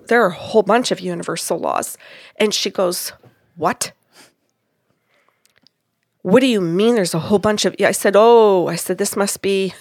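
A woman's voice: mid-range voice, no room sound, clean studio sound. A woman hosting a podcast, chatting casually as she retells a reading and acts out the dialogue. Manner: animated, acts out quoted dialogue. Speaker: podcast host and psychic reader. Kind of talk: casual storytelling chat.

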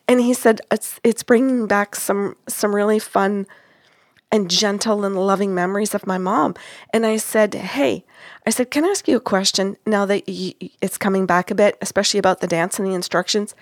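Woman storyteller, casual chat, animated retelling with quoted voices; dry, close mic sound. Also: mid-range voice, moderate pace, no echo. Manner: animated retelling, acting out quoted lines with laughs. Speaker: psychic medium recounting a reading.

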